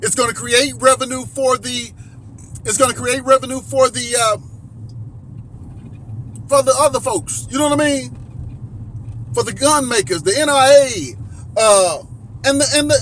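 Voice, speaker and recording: A man's voice: high voice, fairly bright tone, a little hiss or hum. A middle-aged man giving a heated, preachy opinion monologue, swearing and restarting as he makes his points. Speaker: commentary vlogger.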